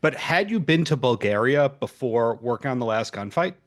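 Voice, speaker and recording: Leading an interview, a male podcast host with an ordinary-pitched voice poses long, carefully framed questions. His delivery is measured and conversational, with lively intonation.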